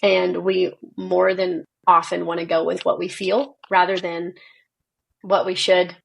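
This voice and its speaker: Gravelly, husky-voiced woman telling stories. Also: on the low side, measured pace, rough recording. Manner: lively storyteller who acts out quoted dialogue. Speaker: children's pastor, podcast guest. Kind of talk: casual faith conversation.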